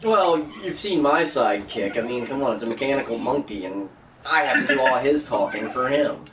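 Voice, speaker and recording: A man's voice: medium pitch, lively intonation, fairly quick, reverberant. A man hosting a podcast, chatting casually and joking at his own expense. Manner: joking, chatty, self-deprecating. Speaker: podcast host. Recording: distant mic with background noise.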